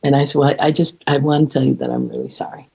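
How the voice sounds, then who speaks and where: Earnest, halting woman with a dark voice. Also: low voice, big pitch swings, creaky, husky, rough recording. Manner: earnest, halting, many restarts and fillers. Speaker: podcast guest. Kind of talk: reflective conversation.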